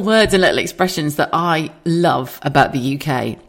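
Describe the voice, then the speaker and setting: A middle-aged woman tells stories on her podcast, chatty and animated and quick to giggle. Her pitch swings widely from low to high as she gets carried away. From southern England. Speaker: podcast host. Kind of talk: casual storytelling monologue.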